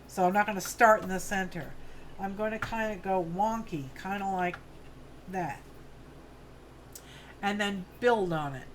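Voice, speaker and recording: Unhurried and pausing often, a woman in her fifties speaks in a mid-range voice with a New York accent, and a little hiss or hum runs through the recording. Working on crafts in a farm home studio, she hosts a livestream, chatting casually and rambling with friendly asides to viewers.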